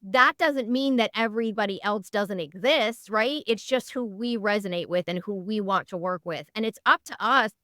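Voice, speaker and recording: A woman guest on a podcast, chatting casually and telling stories in an animated, earnest way. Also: mid-range voice, moderate pace, hardly any pauses, no room sound, clean studio sound. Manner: animated storyteller, lively and earnest. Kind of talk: casual interview chat.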